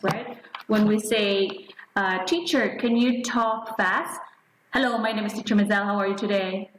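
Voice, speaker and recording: A woman science teacher giving an online lesson to young pupils, speaking slowly and deliberately and often checking in with "right?". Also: medium pitch, roomy sound, slight background noise, poor audio. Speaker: primary school science teacher.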